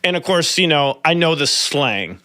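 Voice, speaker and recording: A man's voice: fairly high pitch, normal speed, no echo. A man co-hosting a casual music podcast, telling stories with lots of laughter and casual swearing. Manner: animated storyteller, laughs often, swears casually. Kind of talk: casual chat.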